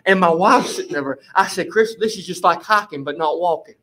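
Man, high voice, loose and animated storyteller, casual church-group testimony. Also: a little fast, slight background noise. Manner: animated, rambling storyteller, repeats "flipping" as a filler. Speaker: bible study group member.

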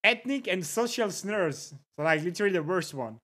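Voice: medium pitch, expressive, moderate pace, a bit bright. A livestreamer in casual chat, reading viewer messages aloud, greeting people, and repeating words with amusement.

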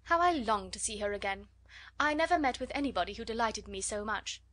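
A woman voicing a haughty young society lady who mocks and flatters in a scornful, affected way, in a storybook reading. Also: fairly high pitch, fairly quick. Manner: scornful, mocking.

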